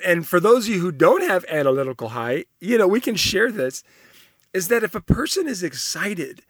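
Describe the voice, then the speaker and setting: A man with a bright, somewhat high voice talks in a rambling, enthusiastic way, reacting out loud to personality test results. He laughs easily and keeps the tone casual. The recording is dry and close, with no room sound. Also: no echo.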